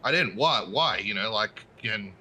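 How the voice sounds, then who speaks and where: A man who is a podcast guest, telling a story in an animated, casual way with many restarts. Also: lowish voice, a little slow, husky, low-quality recording.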